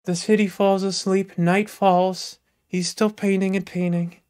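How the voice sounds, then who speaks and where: A comedian telling a long shaggy-dog joke live, with drawn-out, playful narration and sudden bursts. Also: medium pitch, level tone, darkish tone, smooth. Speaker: comedic storyteller.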